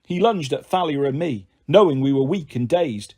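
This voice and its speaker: A man narrating a first-person audiobook with an expressive, dramatic delivery. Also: a little high, normal speed, hardly any pauses, slightly rough.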